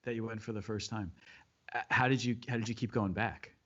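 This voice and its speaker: A man's voice: lowish voice, fairly even intonation, a little fast, a bit bright, dull audio. A man hosting a podcast, giving brief reactions and asking short questions in a casual interview. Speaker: podcast host.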